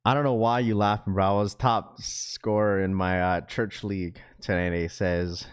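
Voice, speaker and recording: The man's voice is fairly low and smooth, flat in delivery and moderately paced. Hosting a livestream of casual chat, he reads out viewer comments in slang, keeps saying bro, and laughs often in a loose, joking way.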